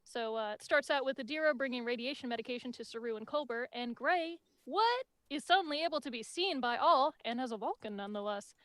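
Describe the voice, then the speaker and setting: A woman hosting a casual review chat over a home video call, excitable and chatty, with many fillers. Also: high-pitched, fast talker, few pauses, dry recording. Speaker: podcast host.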